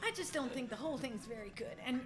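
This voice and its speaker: Giggly catty star's daughter, played by a woman, high and lively, music bed clear. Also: quick pace. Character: catty daughter of a screen legend, gossipy, vain.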